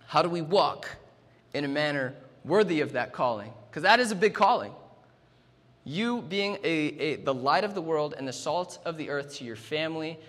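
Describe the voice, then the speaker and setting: A man's voice: on the high side, fairly bright tone. A young man preaching a sermon in an earnest way, often repeating words as he starts his sentences. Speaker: pastor. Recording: long hall reverb.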